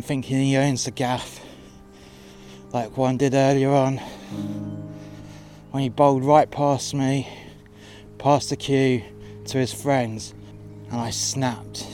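Man, furious profane rant, mid-pitched voice, over clear guitar music. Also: level tone, takes it slowly, a little mellow. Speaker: podcast narrator, door staff. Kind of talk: angry monologue rant.

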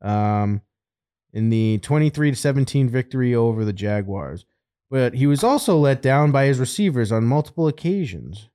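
A man's voice: mid-range voice, animated, moderate pace, mellow, smooth. A man hosting a casual chat, swearing and joking in an offhand way while reading out news. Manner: profane, laughing, offhand banter. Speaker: host.

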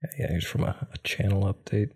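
A man's voice: deep voice, flat delivery, fairly quick, a little mellow, breathy edge. A man co-hosting a podcast, chatting casually and playfully. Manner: playful, laughs along, joins in the put-on accent. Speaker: podcast co-host. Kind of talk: casual chat.

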